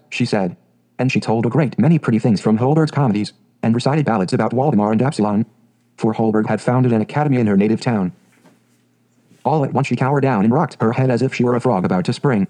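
A man narrating a fairy tale audiobook in a steady, measured way. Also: medium pitch, low-quality recording.

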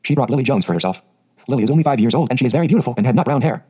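A man's voice: medium pitch, lively intonation, rapid-fire, mellow, breathy edge. A man voicing an eager, talkative orphan girl of eleven who speaks in dreamy, dramatic phrases.

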